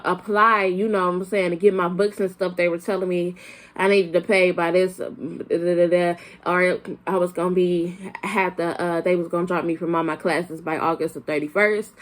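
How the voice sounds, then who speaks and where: A woman's voice: on the low side, steady tone, normal speed. A young woman vlogger with a slight Southern country accent, chatting casually and rambling with lots of fillers and restarts. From Flint, Michigan, raised in Arkansas. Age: young adult. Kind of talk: casual chat to camera.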